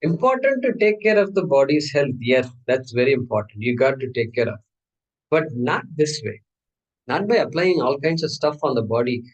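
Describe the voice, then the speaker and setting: A man's voice: medium pitch, big pitch swings, normal speed, dull audio. A man teaching a scripture class in a conversational way, asking his students questions. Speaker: Vedanta teacher.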